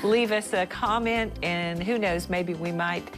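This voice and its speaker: A woman with a fairly low voice hosts a talk show and closes it with encouragement for viewers. Music plays clearly underneath her. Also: unhurried. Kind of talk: closing a Christian talk show.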